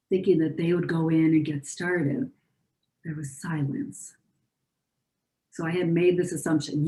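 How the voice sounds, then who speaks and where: A woman clinician giving an educational talk, speaking calmly and reassuringly and modeling soothing phrases for patients. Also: sits low, measured pace, pauses often, echoey room. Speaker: pediatric clinician presenter.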